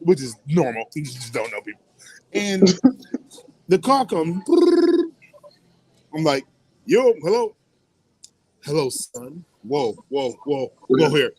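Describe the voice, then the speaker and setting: A man hosting a casual morning radio show, telling stories in an animated way with frequent laughs. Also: on the high side, measured pace, breathy edge, poor audio. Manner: animated storytelling, laughs and whoops often.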